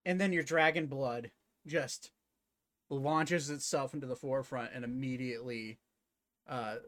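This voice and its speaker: A young man narrating a tabletop game as game master at home, with halting speech full of fillers. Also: mid-range voice, steady tone, a bit bright, no room sound, studio quality. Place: home, at a computer.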